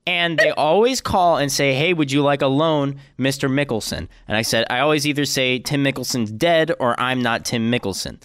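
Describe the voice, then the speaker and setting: A man's voice: mid-range voice, normal speed, few pauses, clean tone, no room sound, studio quality. A young man co-hosting a podcast, ranting and joking in casual chat. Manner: animated, ranting, jokey. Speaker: podcast co-host.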